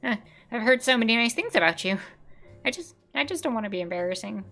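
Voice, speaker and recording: A shy, jittery character hurries through its words, played by a woman reading a game aloud. The voice sits higher and brighter than her own. Faint music plays behind. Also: sing-song. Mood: nervous. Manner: nervous, rushed, self-conscious. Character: shy, nervous, eager-to-please character.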